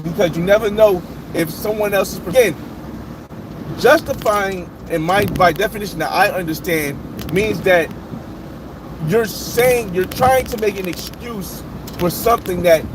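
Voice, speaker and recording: A man's voice: sits high, measured pace. A man hosting a casual livestream from his car as he drives, reading out viewer names and talking over the chat. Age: adult. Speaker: livestream host. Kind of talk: casual live chat while driving. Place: inside a moving car. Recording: road and engine noise behind.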